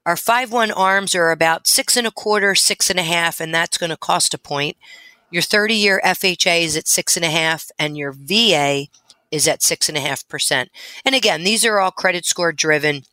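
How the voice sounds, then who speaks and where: Female radio co-host, mortgage expert, bright and informative. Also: fairly low pitch, normal speed, dry recording. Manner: informative, reads out figures. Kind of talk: radio talk.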